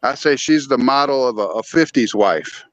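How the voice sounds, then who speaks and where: A man's voice: medium pitch, moderate pace, no echo, muffled recording. A man talking as a guest on a morning talk show, earnest and storytelling, acting out old arguments in his voice. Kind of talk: casual talk show chat.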